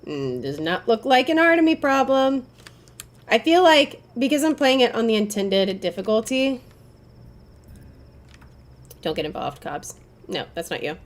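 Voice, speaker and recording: A woman's voice: fairly high pitch, very animated, measured pace, pauses often. A woman streamer chatting casually with her viewers while playing a game, rambling and hedging as she talks. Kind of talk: casual gameplay commentary.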